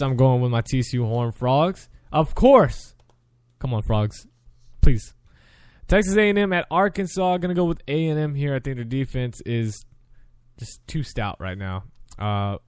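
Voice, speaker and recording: A man's voice: medium pitch, darkish tone, clear, resonant tone, no room sound. A young man hosting a sports show, casually running through his game picks, chatty and often correcting himself mid-sentence. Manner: chatty, self-correcting, frequent restarts.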